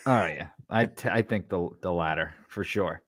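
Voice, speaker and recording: A man's voice: low-pitched, normal speed, no room sound. Guy cohost ranting about bad coffee vibes, swears a ton, dry mic. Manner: animated, profane anecdotes. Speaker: podcast co-host. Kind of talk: casual storytelling.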